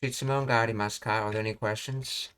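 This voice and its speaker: A man teaching a live-streamed Japanese lesson, reading explanations aloud haltingly and restarting often. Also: on the low side, fairly even intonation, a bit bright, slight background noise.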